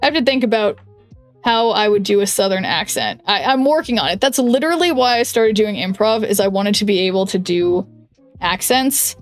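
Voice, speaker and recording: A young woman streaming a card game, thinking aloud in a chatty way with lots of "like"s and quick restarts. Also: medium pitch, expressive, faint music behind. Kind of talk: casual stream chat while playing a card game.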